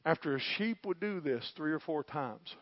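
A man delivers a folksy, impassioned sermon, his slightly high voice climbing to loud peaks. The sound is dry and close, with a somewhat dull, muffled tone. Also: expressive, normal speed, no room sound. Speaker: preacher.

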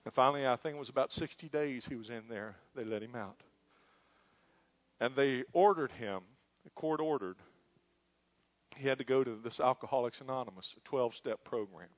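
A man's voice: medium pitch, moderate pace, dry recording. A man, a pastor preaching a sermon and telling a story with growing fervor. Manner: storytelling, building to fervent shouting. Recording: dull dry lo-fi.

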